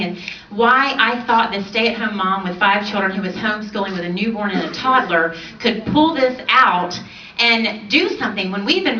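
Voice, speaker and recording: Woman in her forties, stage testimony speaker, lively and laughing, dull far-off recording in a big room. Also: mid-range voice, slight background noise. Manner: animated storyteller, laughs often. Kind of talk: personal testimony speech. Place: large event hall on stage. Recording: roomy distant hall audio, dull.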